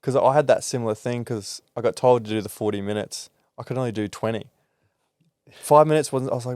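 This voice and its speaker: A male podcast host speaks briskly in a medium-pitched, darkish voice, talking candidly and reflectively about emotional experiences in a loose, conversational way with frequent fillers and restarts. The studio sound is clean, with no room sound.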